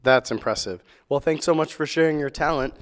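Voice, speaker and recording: A man's voice: fairly high pitch, fairly quick, in a large hall. A man hosting a talent show, interviewing a guest with enthusiastic compliments. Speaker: show host.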